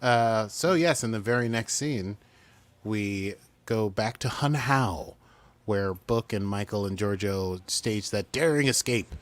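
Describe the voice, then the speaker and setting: A man's voice: on the low side, takes it slowly, no echo. A man co-hosting a podcast, chatting casually as he recaps a story and mimics the characters. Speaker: podcast co-host.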